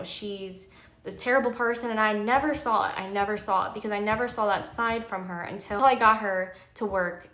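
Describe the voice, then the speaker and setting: Woman, 30s, vlogger; emphatic, heated storytime delivery, bright tone, recorded in an echoey room. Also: mid-range voice. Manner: heated, emphatic venting with many fillers. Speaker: pharmacy technician and nursing student. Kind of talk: candid vlog storytime.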